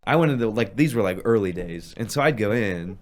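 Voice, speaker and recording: A young man in his twenties, a podcast co-host, chatting in a relaxed way and making dry remarks. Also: lowish voice, fairly quick. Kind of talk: casual chat.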